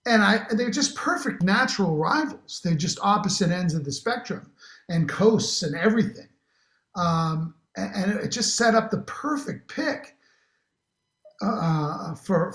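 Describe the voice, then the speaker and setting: A man's voice: high voice, fairly bright tone. A middle-aged man, an actor guest in a casual interview, talking enthusiastically and rambling with many restarts. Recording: roomy echo.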